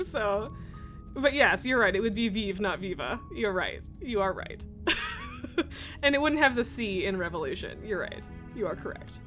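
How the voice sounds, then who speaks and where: This young streamer's voice runs a little high and sounds pushed and bright. She chats casually while playing a game, giggling frequently and using plenty of fillers, with game music underneath.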